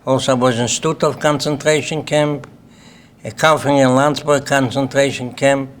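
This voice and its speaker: A man's voice: medium pitch, fairly even intonation, normal speed. An older man from Lithuania with a Lithuanian accent, giving a plain-spoken personal testimony to an audience at a symposium and often checking in with "okay?". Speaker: Holocaust survivor speaker. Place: symposium hall.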